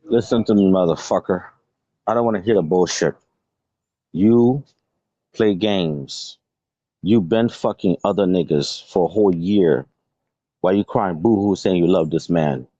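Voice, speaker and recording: A man's voice: deep voice, a little slow, pauses often, dark tone, no echo. A man hosting a live stream, scolding someone in an aggressive, profane, confrontational rant. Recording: dull lo-fi stream audio.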